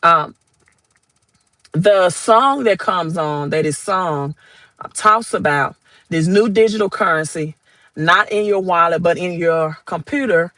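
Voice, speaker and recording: High-voiced man with a Southern US accent. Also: unhurried, sharp tone, no echo, rough recording. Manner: rambling, often checks in with "right?". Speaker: finance commentator. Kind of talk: casual commentary.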